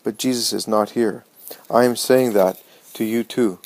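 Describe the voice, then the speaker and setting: A man reading as a grave, gentle mother. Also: fairly even intonation, low-quality recording. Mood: kind. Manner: slow, low, serious reproach.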